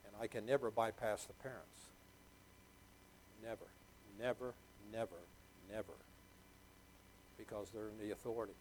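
A man's voice: fairly low pitch, fairly even intonation, normal speed, long pauses, darkish tone, slight background noise, rough recording. A middle-aged man preaching a sermon, emphatic and repetitive, putting questions to the congregation. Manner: emphatic, repeats key words, quizzes the congregation. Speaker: pastor.

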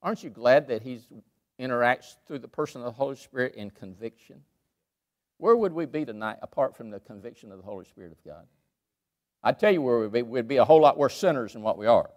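A man preaching a sermon in a church, emphatic, rising to loud peaks and dropping to quiet asides. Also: mid-range voice, expressive, fast talker. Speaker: pastor. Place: church sanctuary.

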